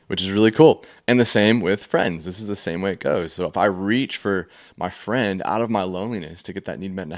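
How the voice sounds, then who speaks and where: A man giving a casual faith-based teaching on feelings, telling stories in a loose, conversational way with plenty of fillers. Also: deep voice. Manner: conversational, storytelling with many fillers.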